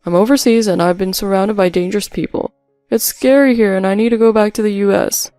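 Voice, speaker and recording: A woman's voice: fairly even intonation, moderate pace, a little mellow, dry recording, soft background music, natural voice. A woman doing a whiny, pleading husband. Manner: whining, pleading, high-strung.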